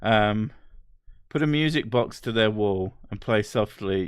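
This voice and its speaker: A man's voice: fairly low pitch, a little slow, clean tone, dry recording, studio quality. A young man streaming and reading out chat, swearing often and laughing as he talks. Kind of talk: casual live-stream chat.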